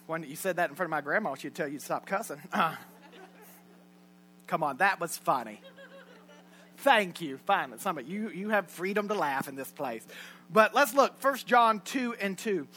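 A man preaching a sermon in a church, folksy and joking, shifting between loud and hushed lines. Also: sits high, animated, normal speed. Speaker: pastor. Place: church sanctuary.

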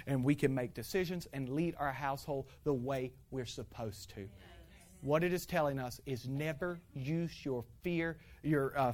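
A man preaching to a congregation, telling playful stories about his family with laughter and lively acting-out. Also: fairly high pitch. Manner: animated, playful storytelling with laughter. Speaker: pastor. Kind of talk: sermon with personal stories.

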